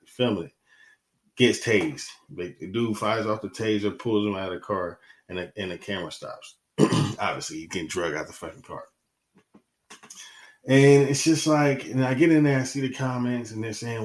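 A man's voice: medium pitch, moderate pace, a little mellow. A man hosting his own podcast, ranting in a heated, profane, rambling way. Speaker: podcast host. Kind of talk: casual solo podcast monologue.

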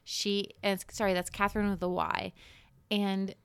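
Young woman podcast co-host, chatty and animated, gravelly edge, dry sound. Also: medium pitch, measured pace, no room sound. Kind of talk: casual chat. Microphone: moves back and forth from the microphone.

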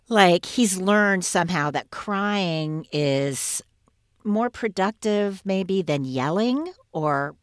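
A woman's voice: on the low side, dry recording, studio quality. A woman co-hosting a podcast, giving her opinions in an emphatic, casual chat. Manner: opinionated, emphatic, quick asides. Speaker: podcast co-host.

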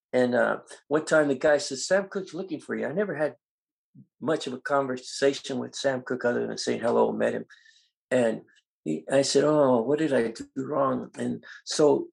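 Gravelly older man telling stories. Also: mid-range voice. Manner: animated, acts out quoted voices. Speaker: guest. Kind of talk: storytelling in an interview.

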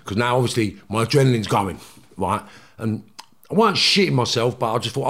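A man, a guest telling blunt, animated stories in a casual interview and swearing freely. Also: medium pitch, quick pace.

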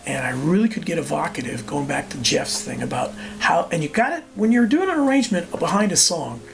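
Older male guest, arranger type, animated storyteller, gravelly edge. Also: a little high, brisk, background noise. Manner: animated storyteller, acts out quoted voices. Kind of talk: storytelling in a podcast interview.

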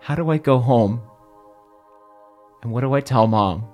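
A grieving young man, voiced by a man pleads with his father in an earnest, hurt tone. His voice sits at an ordinary mid pitch, with faint music behind. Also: a little slow, a little mellow, close to an everyday voice. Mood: pleading.

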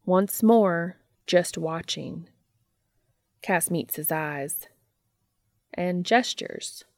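A woman reads a fan fiction story aloud at a slow, unhurried pace. Her low voice carries a gravelly fry, and the recording is close and dry. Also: no echo. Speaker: narrator.

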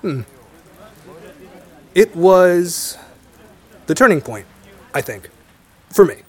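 A man's voice: high voice, big pitch swings, slow, darkish tone, slight background noise. A young man speaking in reflective conversation, thoughtful and a little hesitant. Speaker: storyteller guest.

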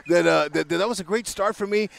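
A man in his sixties from California, a baseball broadcaster telling his stories as an interview guest. He is excitable and acts out the voices in his tales, with "man" at every turn. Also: high-pitched, brisk, creaky, a little hiss or hum. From California, USA. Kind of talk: animated storytelling interview.

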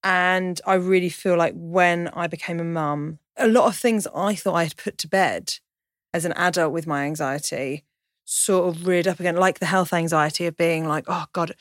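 A woman's voice: lowish voice, moderate pace, no echo, clean studio sound. A woman in her thirties, a comedian guest, talking candidly with chatty, self-deprecating asides. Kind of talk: candid conversational chat.

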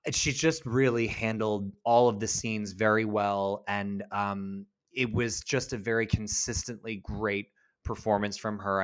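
A man's voice: lowish voice, fairly bright tone, smooth. Man chatting about films. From Canada. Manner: chatty, earnest, trails off and restarts. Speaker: podcast co-host. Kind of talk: casual film discussion.

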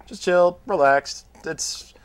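A man's voice: high voice, takes it slowly, clear, resonant tone. A man who is a guest on a casual podcast, talking in a laid-back, dry way.

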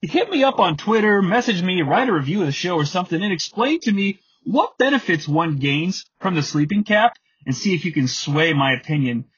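A man in his thirties talks through his podcast alone, chatty and rambling, with frequent fillers. His voice sits fairly high and sounds husky. The recording is dull and lo-fi. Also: big pitch swings, fairly quick, hardly any pauses, a bit bright. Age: 30s. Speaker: podcast host. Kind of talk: casual solo commentary.

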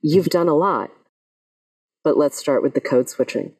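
Give me an interviewer who lays out long, thoughtful questions for a guest. The tone is mellow and the pitch is mid-range. The voice sounds dry, with the speaker sitting a little back from the mic. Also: lively intonation, measured pace, husky, dry recording, recorded from a distance, poor audio. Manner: thoughtful, framing questions at length.

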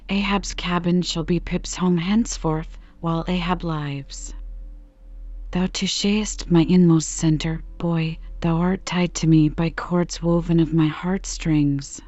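A woman reading the lines of a stern, obsessed old sea captain with commanding, archaic speech, in a calm sleep-story reading of a classic novel. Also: fairly low pitch, slow pace, no echo, highs cut off. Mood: tender.

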